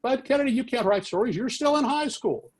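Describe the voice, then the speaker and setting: A man doing a furious, shouting sports editor. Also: very high voice, animated, fairly quick, slightly rough, voice pushed up, heavily acted. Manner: shouting, scolding. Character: furious male newspaper sports editor scolding.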